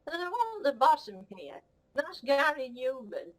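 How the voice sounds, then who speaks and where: A woman's voice: sits high, big pitch swings, moderate pace, fairly bright tone, voice pushed up, rough recording. A woman voicing a vain, cheeky female cat who rambles rudely and admires herself. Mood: cocky rambling. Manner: rambling, rude, self-admiring, giggly. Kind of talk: comic puppet-style monologue.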